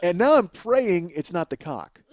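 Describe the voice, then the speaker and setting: Animated, swearing male comedian storyteller. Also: high voice, measured pace, no echo. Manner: animated, profane, laughing mid-sentence. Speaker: comedian host.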